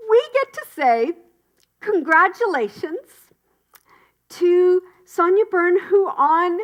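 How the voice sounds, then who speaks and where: A woman with a high voice delivers enthusiastic, chatty announcements at an indoor spiritual community service, cheering on each bit of news. The recording has its highs cut off.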